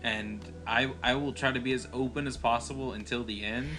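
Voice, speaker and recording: Casual male podcast co-host, foul-mouthed storyteller, mid-pitched, faint music behind. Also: fairly even intonation, brisk. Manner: swears freely, acts out his own reactions in story. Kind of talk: casual chat.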